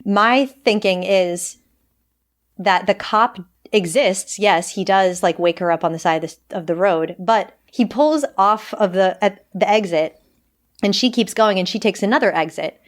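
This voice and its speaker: A woman co-hosting a podcast in casual chat, animated, laughing often and restarting her sentences. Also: medium pitch, measured pace. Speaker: podcast co-host.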